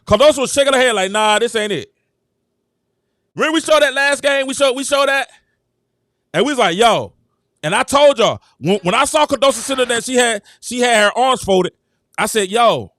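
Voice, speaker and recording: A man hosting a sports talk show, excitable and repetitive, calling out to his viewers. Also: very high voice, no echo, studio quality. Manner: excitable, repeats himself, addresses viewers as "citizens". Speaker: sports commentary show host. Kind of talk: animated sports opinion talk.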